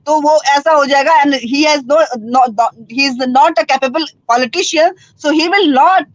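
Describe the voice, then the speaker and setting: A woman speaking as a panelist in a political debate over a remote call, halting and repeating words, slipping into Hindi. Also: high-pitched, no room sound, dull audio. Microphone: remote call with a poor network.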